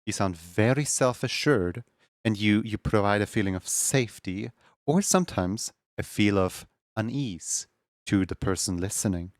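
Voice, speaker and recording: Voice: low voice, normal speed, no echo, clean studio sound. A streamer in casual chat with viewers, rambling and laughing often.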